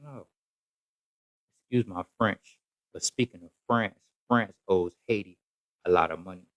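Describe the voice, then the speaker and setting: A man's voice: deep voice, normal speed, fairly bright tone, dry recording, poor audio. A man ranting casually to camera in a rambling, repetitive, emphatic way. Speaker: social media commentator.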